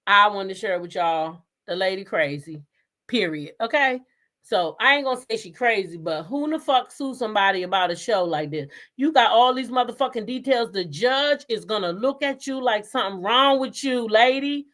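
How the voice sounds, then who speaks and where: A woman's voice: medium pitch, lively intonation, moderate pace, a bit bright. A woman hosting a gossip live stream, talking bluntly and profanely and laughing often. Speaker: host of a gossip show. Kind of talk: casual live-stream commentary.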